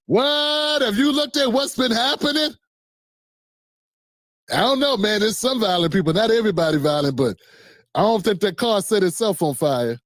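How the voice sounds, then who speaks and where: A man's voice: high-pitched, expressive, normal speed, no room sound. Sarcastic man with a dry sound. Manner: sarcastic, joking storyteller, slangy. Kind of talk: live-stream commentary.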